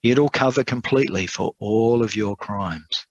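A man voicing a kind, quiet male lawyer who speaks softly and patiently in a told sermon story. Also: fairly low pitch, no echo, lo-fi sound. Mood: gentle, patient. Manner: soft-spoken, measured.

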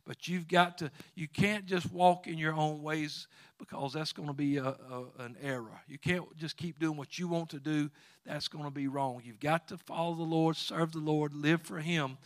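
A man preaching a sermon, quoting scripture and swinging between loud exhortation and quiet asides. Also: fairly high pitch, a little slow, dry recording, clean studio sound.

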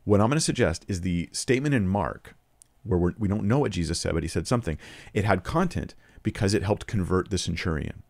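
A man's voice: low voice, expressive, fairly quick, vocal fry, a little mellow, dry recording. A man giving an earnest, argumentative spoken commentary for a video, quoting scripture and often restarting his phrases. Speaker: Christian apologetics video presenter.

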